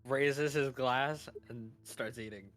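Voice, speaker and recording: A man narrating as game master in a tabletop game, relaxed and amused. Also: medium pitch, slow, music in the background.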